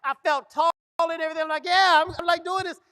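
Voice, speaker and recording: High-pitched guy comedian on stage, telling a story and doing all the voices. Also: fast. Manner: animated, acts out dialogue. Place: event stage.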